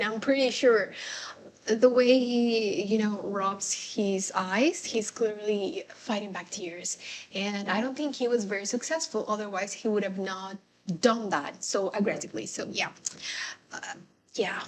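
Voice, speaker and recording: A young woman giving casual reaction commentary on a TV show, excitable and swearing, breaking into laughs. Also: mid-range voice, a little slow, slight background noise. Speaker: show reviewer.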